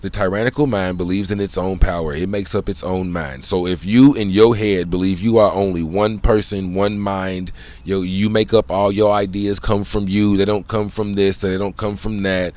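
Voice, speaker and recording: Low-voiced man rambling casually. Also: fairly even intonation, moderate pace, a little mellow. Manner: rambling, loose slang, frequent "you know what I'm saying"; profane, conversational. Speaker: solo channel host. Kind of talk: casual spoken monologue.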